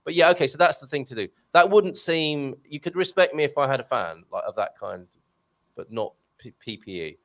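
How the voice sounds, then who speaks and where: A man's voice: on the high side, fairly quick. A man hosting a live-stream chat, joking and poking fun at himself as he reads out viewer questions. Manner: joking, self-mocking, lively banter. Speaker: show host.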